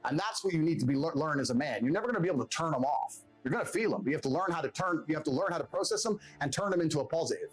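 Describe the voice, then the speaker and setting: Rapid, lively and slightly high-pitched, this man speaks with blunt, self-assured force and swears freely. He delivers a motivational monologue as a podcast guest. Faint music plays underneath. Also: rough recording. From England.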